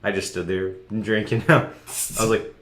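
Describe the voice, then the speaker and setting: A man's voice: lowish voice, steady tone, normal speed, a bit bright, a little hiss or hum. A young man co-hosting a casual podcast, joking and laughing through banter. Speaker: podcast co-host. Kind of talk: casual chat. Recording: echoey room.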